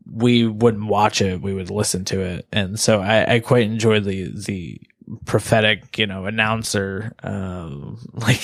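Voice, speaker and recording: A man hosts a casual movie podcast in a lowish, gravelly voice. He rambles with many fillers, restarts and soft trailing asides. The recording is dry and close. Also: dry recording. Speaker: podcast host.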